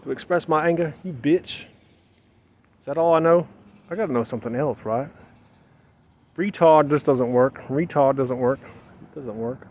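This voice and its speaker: Fairly high and darkish, his voice moves at a moderate pace and pauses often. This vlogger, in a mother persona, sets up solar gear outdoors at dusk while talking to the camera in a rambling self-talk monologue. He mutters, repeats phrases, then breaks into agitated outbursts.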